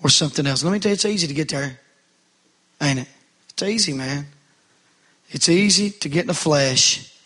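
A man's voice: a little high, moderate pace, pauses often, bright, forceful tone, husky. A middle-aged man preaching a sermon, calling out to the congregation with rising fervor.

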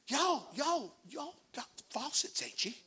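A man preaching a sermon in church, folksy and colloquial, swinging from hushed asides to shouted exhortation. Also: very high voice, very animated, slow pace.

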